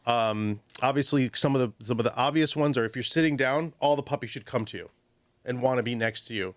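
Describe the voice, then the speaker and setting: A man who trains dogs, giving lively advice on a radio call-in show, often acting out owners and dogs in quick little voices. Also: mid-range voice, no room sound. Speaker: dog trainer guest. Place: radio studio. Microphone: studio microphone.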